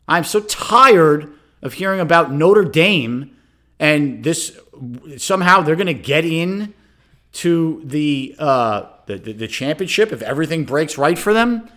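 A middle-aged man with a somewhat high voice rants through solo sports commentary. He sounds sarcastic and exasperated, talks straight to his listeners, and keeps throwing in "okay?" between points. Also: big pitch swings, unhurried, fairly bright tone. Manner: ranting, sarcastic, rising to exasperated outbursts; addresses listeners directly, frequent "okay?" asides. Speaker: sports talk host.

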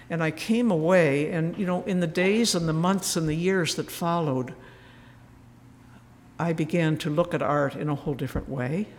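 A man giving a reflective spiritual retreat talk, telling stories gently with soft asides. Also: a little high. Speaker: retreat speaker. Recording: roomy hall with faint noise.

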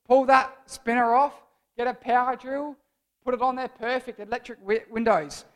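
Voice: medium pitch, steady tone, moderate pace, smooth. Playful youth speaker. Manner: playful, rambling, jokey. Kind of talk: casual youth sermon.

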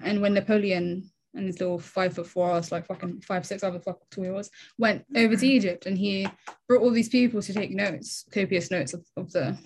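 A woman's voice: mid-range voice, a little hiss or hum. A woman hosting a casual podcast chat, playful and teasing, swearing freely.

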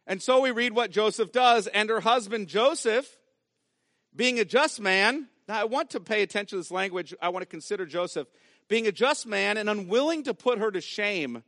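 A man's voice: high voice, a bit bright, no room sound, studio quality. A man preaching a sermon as pastor, emphatic and repeating key phrases for weight.

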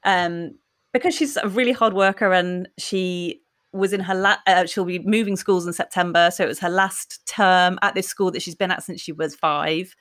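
A woman's voice: lowish voice, steady tone, moderate pace, fairly bright tone. A woman in her forties, talking reflectively and candidly in a podcast conversation.

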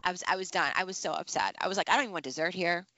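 A woman chatting casually as a podcast co-host, telling stories with lively acted-out reactions. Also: fairly low pitch, very fast, dry recording. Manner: animated storytelling, acts out her own reactions. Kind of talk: casual chat. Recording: dull, slightly lo-fi dry sound.

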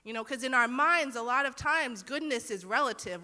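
A woman's voice: a little high, expressive, normal speed, bright, forceful tone. A young woman teaching a Bible lesson in a casual, earnest way, acting out the quotes she tells. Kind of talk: conversational sermon. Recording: long hall reverb.

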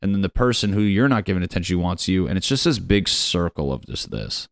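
A man's voice: low voice, lively intonation, fast, no echo, studio quality. A young adult man ranting in a rambling, profane, comedic monologue full of fillers.

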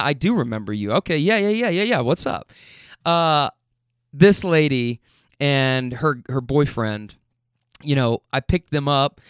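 Animated, swearing rideshare driver, smooth voice. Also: male voice, fairly high pitch, no echo, studio quality. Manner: animated, swearing, repeats himself. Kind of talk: casual storytelling to viewers.

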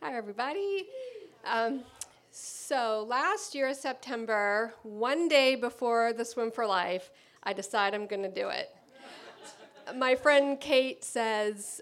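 A woman telling a story on stage before a live audience, with a dry, deadpan manner. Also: a little high, takes it slowly.

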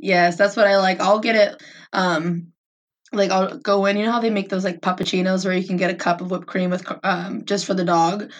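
A woman's voice: medium pitch, level tone, brisk. A woman co-hosting a podcast in casual chat, talking with lots of fillers and laughing often. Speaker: podcast co-host.

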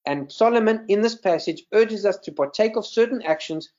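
A man's voice: sits high, lively intonation, normal speed, a little mellow, muffled recording. A man serving in ministry gives an earnest sermon over a video call, often repeating words as he teaches. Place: video call with screen share.

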